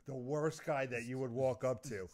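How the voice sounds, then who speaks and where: A young man telling lively stories in a casual chat, often laughing mid-sentence. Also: medium pitch, normal speed. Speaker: podcast co-host.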